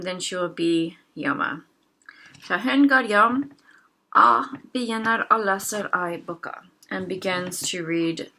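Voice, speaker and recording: A young woman giving a casual language lesson, slowly sounding out single words one at a time for listeners to repeat. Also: fairly low pitch, bright, forceful tone. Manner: slow, careful word-by-word pronunciation drills. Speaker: language teacher.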